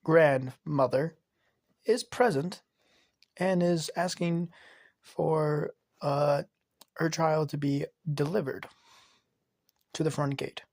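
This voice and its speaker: Guy doing a nervous robot butler, stammering and polite, slow creaky voice. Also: on the high side, fairly even intonation, darkish tone, no room sound, studio quality. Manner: hesitant, stammering. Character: servile hesitant male robot butler.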